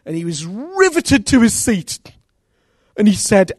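Unhurried and high, a man's voice preaches a sermon in clean, dry studio sound. He recounts conversion stories with animation, performing the people's voices and repeating phrases.

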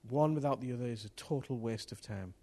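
Man, pastor, sermon, fervent swells, middle pitch, church room. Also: a little fast, husky. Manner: impassioned, rising to loud outbursts. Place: church hall with congregation.

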